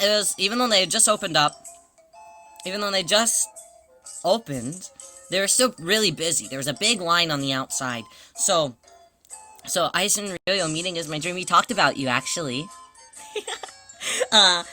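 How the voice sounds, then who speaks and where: A woman streamer in casual stream chat, an excitable storyteller who stumbles, restarts, swears and laughs often. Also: lowish voice, moderate pace, pauses often, soft background music.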